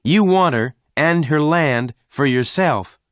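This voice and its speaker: A man's voice: a little high, animated, slow, dry recording, clean studio sound, voice pushed up. A man voicing a defiant young male ranch rider, speaking up in a raised voice.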